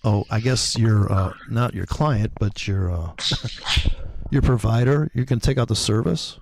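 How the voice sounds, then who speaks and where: A man's voice: lowish voice, unhurried, vocal fry, dry recording. A man hosting a casual livestream, rambling and profane as he calls the markets. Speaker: host, forex trader.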